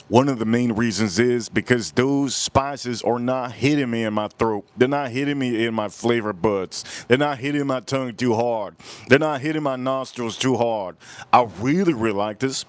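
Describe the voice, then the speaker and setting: A man hosting a casual live cigar review outdoors, just woken up, talking in a relaxed way, repeating himself and greeting his chat. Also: medium pitch, normal speed. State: groggy morning voice, just woke up. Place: outdoors, windy.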